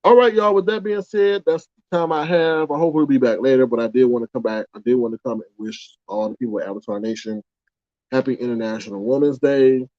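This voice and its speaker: A man's voice: medium pitch, steady tone, brisk, mellow, no echo. A man hosting a casual livestream, rambling animatedly, firing off indignant rhetorical questions and reading out chat comments. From United States. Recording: dull, muffled sound.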